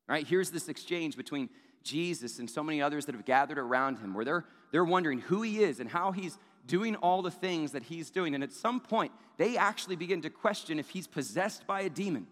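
A male pastor preaching a sermon, moving from casual asides to loud, emphatic peaks. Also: a little high. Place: large church hall. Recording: long hall reverb.

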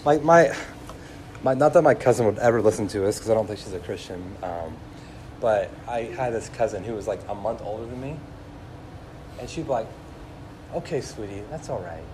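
A young man preaching a sermon to a room, telling stories in an animated way with many asides. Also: lowish voice, a little fast, a little hiss or hum. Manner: animated storytelling, laughing, lots of "like". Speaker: pastor. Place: room with an audience.

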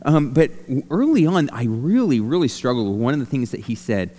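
A man's voice: medium pitch, a little fast. A man preaching a sermon as a pastor, talking conversationally with lots of restarts. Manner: conversational, animated, many restarts. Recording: long reverb of a hall.

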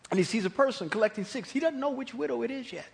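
A male pastor preaching a sermon, telling a Bible story with humor and animated storytelling. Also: very high-pitched, quick pace, gravelly.

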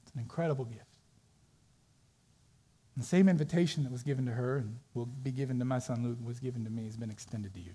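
Dark, husky man preaching a sermon. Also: medium pitch, fast, pauses often. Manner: storytelling with acted-out voices, conversational with fillers.

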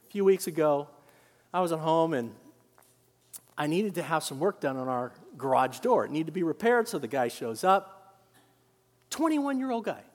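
High-voiced preaching pastor in a hall. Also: male voice, sing-song, moderate pace, pauses often. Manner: dynamic preaching, swinging from quiet to loud. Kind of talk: sermon.

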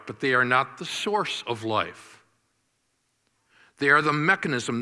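A pastor delivering a sermon in a deliberate, emphatic manner, stressing key words. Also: male voice, mid-range voice, sharp tone, long reverb tail.

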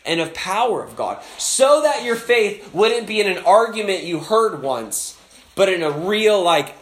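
A man preaching at a camp as pastor, telling his story in a casual and animated way, acting out the voices of the people in it with many fillers. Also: sits high, measured pace, roomy sound. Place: speaking at a camp.

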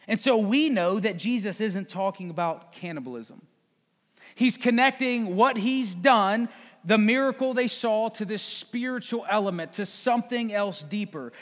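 A man preaching a sermon in a casual, conversational way, acting out the crowd and Jesus in quick asides. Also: high-pitched, expressive. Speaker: pastor. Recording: long hall reverb.

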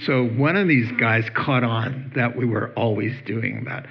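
Man, pastor, slow relaxed delivery, joking sermon, muffled lo-fi sound. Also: medium pitch, vocal fry. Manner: conversational, joking, acts out quoted voices.

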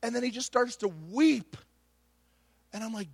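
A man's voice: very high voice, normal speed, vocal fry, breathy edge, no room sound. A middle-aged male pastor preaching a Pentecostal sermon with impassioned delivery, repeating words and restarting phrases as he tells a story.

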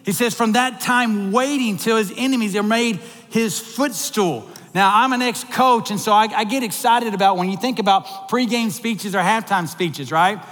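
Middle-aged male minister, very high voice, animated sermon delivery, church hall with long reverb. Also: normal speed, hardly any pauses. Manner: animated, rising to excited emphasis. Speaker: minister on staff.

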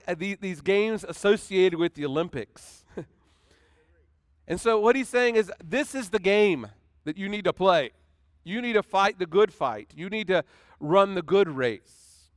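A man pastor preaching a conversational sermon in a high, clear, resonant voice. He restarts phrases often and recites scripture with dramatic weight. The recording is dry, with no room sound. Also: fairly bright tone, no room sound.

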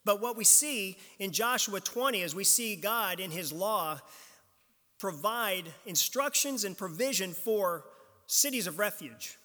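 Speaking from the pulpit mic with a lively, high voice that's pushed and bright, this pastor delivers his sermon conversationally and a little slowly. The church adds a long hall reverb.

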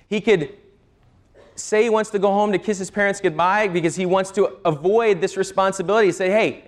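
A male pastor preaching a sermon, teaching earnestly and asking the listeners rhetorical questions. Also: high-pitched.

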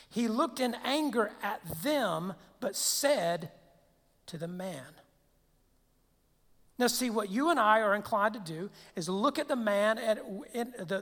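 A man's voice: high-pitched, expressive, a little slow, a bit bright. A man preaching a sermon as pastor, conversational, with rhetorical questions and frequent restarts. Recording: long hall reverb.

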